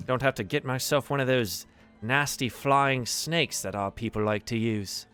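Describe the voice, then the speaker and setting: A man's voice: medium pitch, big pitch swings, slow, a bit bright, faint music behind, pitched above the performer's own voice. A man voicing a genial retired male adventurer who works as a sly, friendly faction contact.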